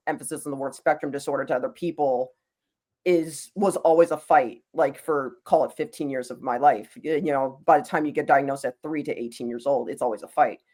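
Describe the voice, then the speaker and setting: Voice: mid-range voice, moderate pace, darkish tone. Podcast host, earnest and chatty, mid-range voice, rambling questions. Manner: earnest, talks in long winding questions. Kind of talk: casual interview conversation.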